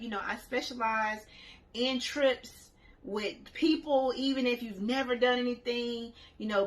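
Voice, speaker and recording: Chatty woman with a slightly high voice. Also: a bit bright, low-quality recording. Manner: chatty, laughs while retelling. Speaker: group travel organizer. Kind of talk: casual anecdote telling.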